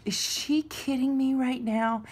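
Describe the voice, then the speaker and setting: A woman's voice: high voice, steady tone, unhurried, a little mellow, a little hiss or hum. A middle-aged woman hosting a comic vlog, ranting in exasperation with gasps and exclamations in a bedroom at home. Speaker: comedian vlog host. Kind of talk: casual comic rant to camera.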